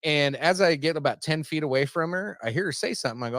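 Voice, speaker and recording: A man's voice: on the high side, fast talker, fairly bright tone, no room sound. A man hosting a podcast, telling a long story in a casual, rambling, profane way and laughing at his own jokes. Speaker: podcast host.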